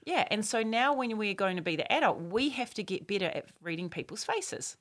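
A woman explaining teen development in lively conversation, laughing often and acting out quotes. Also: medium pitch, a little fast. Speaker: parenting expert guest. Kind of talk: explanatory chat.

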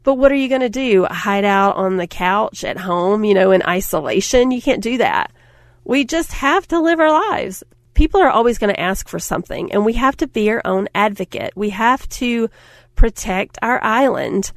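A middle-aged woman giving a motivational talk, telling stories in an animated way, acting out quotes and laughing often. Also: mid-range voice, normal speed, no room sound, clean studio sound. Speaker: speaker.

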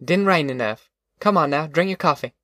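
A man voicing a weary, determined migrant farm mother who gives brisk orders. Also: fairly high pitch, bright, forceful tone, dry recording, clean studio sound, voice pushed up. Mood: brisk, commanding. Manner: brisk, commanding.

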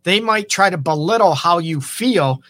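A man's voice: sits high, expressive, moderate pace, fairly bright tone, dry recording. A man hosting a relationship advice show as a counselor, talking casually and often checking in with "okay?" and "you know".

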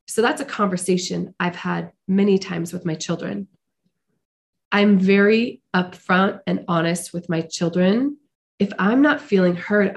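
Earnest woman with a gravelly edge. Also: mid-range voice, slight background noise. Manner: slow, earnest and heartfelt. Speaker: podcast host. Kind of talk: reflective motivational monologue.

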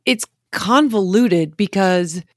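A woman co-hosting a casual chat. She tells candid personal stories in an animated way. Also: medium pitch, slow, dry recording, studio quality.

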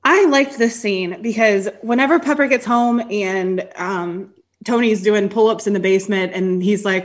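A woman's voice: mid-range voice, moderate pace. A woman co-hosting a casual movie review podcast, chatty and earnest with many fillers. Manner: chatty, lots of likes, earnest. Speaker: podcast co-host.

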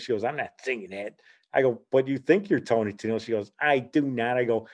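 An older man in his sixties hosts a casual chat show at a middling pitch. He tells meandering stories, chuckling as he goes and replaying old conversations line by line. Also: a little fast, a little mellow. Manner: rambling, anecdotal, chuckling, retells dialogue with "he goes". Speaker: podcast host.

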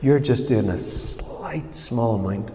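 A man, a pastor giving a conversational, animated sermon with asides to the congregation. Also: mid-range voice, slow pace. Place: church hall. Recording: echoey church hall, dull sound.

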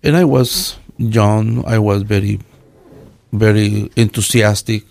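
A man in his sixties from Guatemala with a Guatemalan Spanish accent, a pastor telling his life story in halting, earnest English with many restarts. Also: on the low side, creaky, a little mellow. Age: 60s.

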